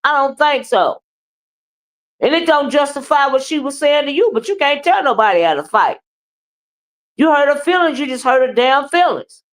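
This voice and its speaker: A woman with a somewhat high voice and a drawl, commenting on a livestream. She talks bluntly and profanely, animated and trash-talking, while chatting with her viewers. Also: normal speed. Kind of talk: live commentary and chat with viewers.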